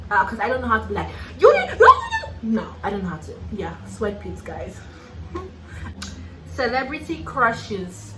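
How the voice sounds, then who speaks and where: Doing a get-ready-with-me video, this young Nigerian woman speaks with a Nigerian accent in a mid-range, animated voice at moderate pace, amid reverb and heavy background noise. She's sassy and playful, laughs a lot, and addresses the listener as "honey."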